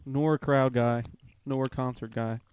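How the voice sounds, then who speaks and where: A man's voice: medium pitch, steady tone, moderate pace, clear, resonant tone, lo-fi sound. A man hosting a casual talk with friends on a studio mic, joking and self-mocking. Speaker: host. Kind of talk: casual banter among friends. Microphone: headphones and studio mic.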